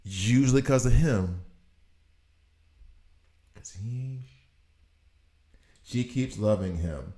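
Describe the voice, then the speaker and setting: A man in his thirties giving casual gameplay commentary, riffing in an animated, exasperated way. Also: mid-range voice, extremely slow, pauses often. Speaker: gaming video host. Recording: roomy echo.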